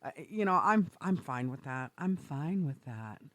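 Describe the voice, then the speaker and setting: A woman's voice: deep voice, a little slow, dry recording. A woman co-hosting a podcast in casual chat, swearing freely and laughing often as she talks. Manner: profane, excitable and laughing. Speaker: podcast co-host.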